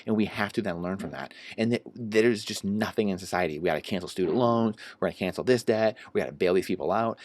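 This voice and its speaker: A man's voice: low-pitched, lively intonation, fast talker, hardly any pauses, a little mellow. A man vlogging an indignant rant about money, heated and emphatic. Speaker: investing vlogger. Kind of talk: solo rant to camera.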